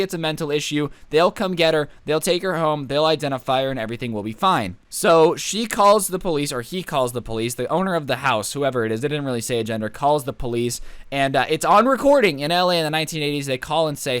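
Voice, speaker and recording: Young male storytime YouTuber, smooth clear voice, dry close mic, animated chatty narration. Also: fairly high pitch, no room sound. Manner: chatty, animated retelling with asides.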